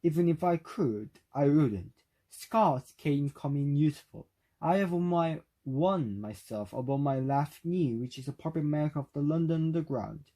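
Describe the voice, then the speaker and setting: A man whose first language is Korean voicing an aged, wise male headmaster wizard, with calm, measured read-aloud speech. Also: on the high side.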